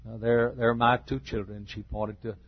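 An older man preaching in a church, retelling a personal story in a halting, heartfelt way with repeated phrases. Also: medium pitch, level tone, husky, no room sound, lo-fi sound. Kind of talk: emotional sermon storytelling. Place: church sanctuary.

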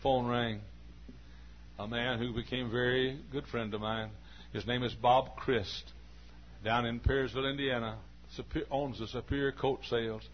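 A man's voice: medium pitch, fairly even intonation, normal speed. Folksy preacher in his forties. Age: 40s. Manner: folksy, chatty, full of "uh" fillers. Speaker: pastor. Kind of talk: storytelling sermon. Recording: dull lo-fi recording with faint hum.

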